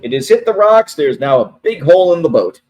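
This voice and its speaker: A man's voice: on the high side, big pitch swings, a little fast, a little mellow, highs cut off. Hesitant man running a tabletop game. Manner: hesitant, full of fillers. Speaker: game master.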